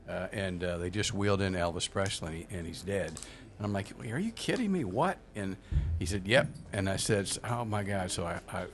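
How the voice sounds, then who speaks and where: Older male radio veteran, very low voice, easygoing anecdotes. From Memphis, USA. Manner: relaxed anecdotal storyteller, many fillers. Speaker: radio host. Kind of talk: casual radio talk and storytelling.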